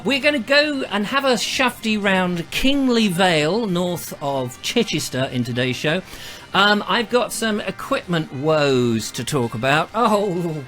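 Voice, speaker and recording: Lively, bright-voiced man. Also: high-pitched. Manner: chatty, jokey, self-mocking. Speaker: host. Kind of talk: live show chat.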